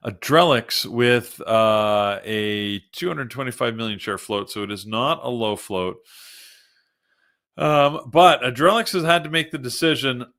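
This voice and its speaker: A man's voice: mid-range voice, pushed and bright. A man hosting a live trading show, chatting casually through pre-market stock picks while reading news on the fly.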